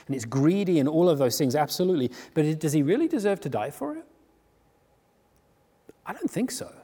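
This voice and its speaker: A man preaching a sermon in a conversational, animated way, often restarting his sentences as he retells a story. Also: on the high side. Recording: long hall reverb.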